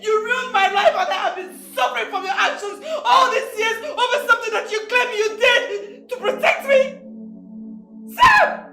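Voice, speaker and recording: An anguished wife with a Nigerian accent accuses and weeps in a very high voice. The sound is echoey, with faint film music behind. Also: female voice, moderate pace, creaky. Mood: accusing. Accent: Nigerian English. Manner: accusing, tearful, shouting. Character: anguished wife accusing her husband, consumed by guilt.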